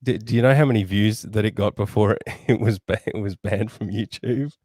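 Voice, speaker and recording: A man co-hosting a podcast, reading out questions in casual banter with a deadpan manner and chuckles. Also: on the low side, brisk, dry recording. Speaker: podcast co-host.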